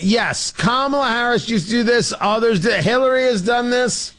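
A man's voice: very high-pitched, normal speed, few pauses, fairly bright tone. A man hosting a political talk show, delivering sarcastic, opinionated commentary with frequent restarts. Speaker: radio talk show host.

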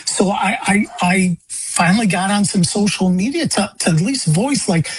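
Man from Illinois, radio interview guest, raspy husky voice, heated, stumbling restarts. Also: sits high, expressive, moderate pace, few pauses, rough recording. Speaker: guest, bereaved father.

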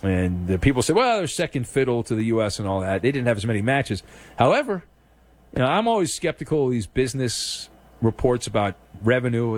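A man's voice: mid-range voice, big pitch swings, brisk. A man hosting a sports talk radio show, teasing his callers and running playful games.

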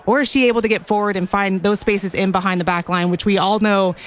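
A woman color commentator talks through the game plan before kickoff at a middle pitch, analytical and building each point with questions. She leans in with emphasis when a player excites her. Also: fast talker. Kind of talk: pre-match sports analysis.

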